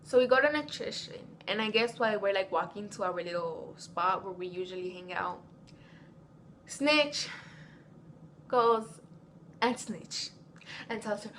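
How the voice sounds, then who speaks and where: A woman's voice: mid-range voice, measured pace, long pauses, a little hiss or hum. A teenage girl telling a school drama story as a casual vlog, acting out what everyone said. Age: teens. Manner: animated, reenacting quotes. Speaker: vlogger.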